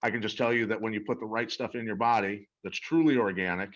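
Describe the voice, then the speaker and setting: In lo-fi sound, a middle-aged man with a lowish, steady voice talks fast and with a fairly bright tone. As an interview guest, he gives animated, earnest, emphatic stories about a product, often repeating words.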